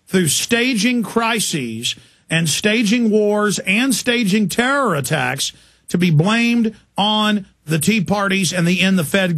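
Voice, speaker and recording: Radio host, male, gravelly high voice, forceful and declarative. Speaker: radio talk show host. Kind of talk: talk radio interview.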